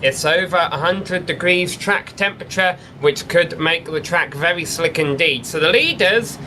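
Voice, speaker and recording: A man's voice: fairly high pitch, moderate pace, background noise. A man from England, commentating a sim race in a chatty, informative way. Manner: chatty, informative, builds up excitement at race start. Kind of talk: sim racing play-by-play commentary.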